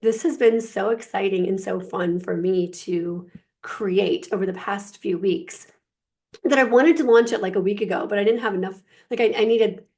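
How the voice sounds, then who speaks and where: A woman life coach speaks to her listeners in a casual, lively way. Her voice sits in an ordinary middle pitch. She stresses key words and keeps checking in with her listeners. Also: moderate pace. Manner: lively, emphatic, chatty with many fillers. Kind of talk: casual spiritual coaching talk.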